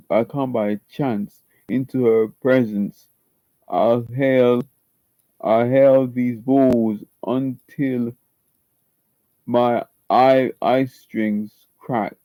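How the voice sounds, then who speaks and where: A man's voice: medium pitch, dry recording. A man attempting a Texas accent while performing a monologue as a tormented young man in guilty love, stumbling and repeating words. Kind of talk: dramatic audition monologue. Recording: slightly muffled lo-fi recording.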